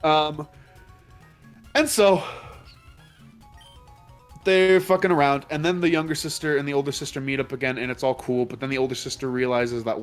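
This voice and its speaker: A man's voice: medium pitch, steady tone, moderate pace, long pauses, soft background music. A man hosting a let's play commentary, recapping a plot in a rambling, profane way with his friends. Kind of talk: casual game commentary with friends.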